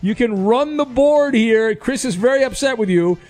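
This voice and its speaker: High bouncy guy running a radio game show bit, jokey, lots of uhs. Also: normal speed, faint music behind. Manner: animated and jokey, fumbling with fillers.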